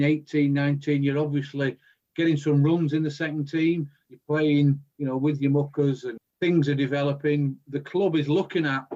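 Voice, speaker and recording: Rambling podcast host, muffled sound. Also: male voice, a little high, darkish tone. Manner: rambling, friendly questions. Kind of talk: casual interview chat. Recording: dull lo-fi sound.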